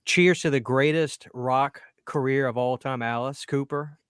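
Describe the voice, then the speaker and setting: A man's voice: mid-range voice, fairly even intonation, unhurried, smooth, dry recording, clean studio sound. A man hosting a casual livestream, upbeat and reading out chat names. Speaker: livestream host.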